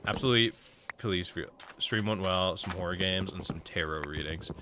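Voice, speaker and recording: A man's voice: deep voice, normal speed, noisy background. A man streaming a game live, chatting casually with his viewers, voice a little sore. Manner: rambling, chatty, talks to chat. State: slightly sore voice. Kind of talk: casual live-stream chat while gaming.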